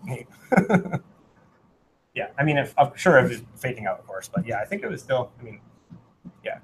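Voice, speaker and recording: A man talks a small meetup audience through a hands-on gadget demo at a middling pitch. His talk is loose and rambling, full of "um"s and restarts. Now and then he sings out rhythms as he goes. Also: very animated, moderate pace, slight background noise, rough recording. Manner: rambling, many fillers and self-corrections, sings out Morse rhythms. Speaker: meetup presenter. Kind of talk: casual technical talk with live demo. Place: meetup room.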